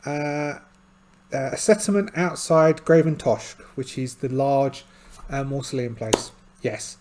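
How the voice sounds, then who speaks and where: A middle-aged man with a voice pitched a little above most men's. He talks through his solo tabletop game in a loose, meandering way, full of restarts. His tone stays chatty and self-deprecating. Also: animated, a little slow, mellow. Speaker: solo game player and narrator. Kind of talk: rambling casual solo game narration.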